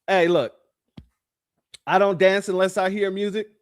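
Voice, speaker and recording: A man hosts a livestream, talking to his chat in an emphatic commentary style. His voice sits high for a man, and he drives points home by repeating them. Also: steady tone, unhurried. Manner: emphatic, repeats phrases, addresses chat as family. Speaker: livestream host.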